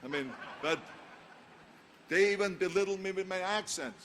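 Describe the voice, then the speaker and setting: A man's voice: high voice, moderate pace, a bit bright, slight background noise. An older man with a German accent and German as his first language, giving a commencement speech in an emphatic, punchy storytelling style with self-mocking humor. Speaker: commencement speaker. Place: large commencement venue.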